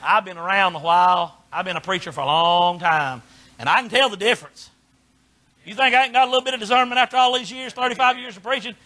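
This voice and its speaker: An older man preaching a folksy Baptist sermon in short punchy lines that swing from quiet asides to shouting. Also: sits high, fast talker. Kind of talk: fiery sermon.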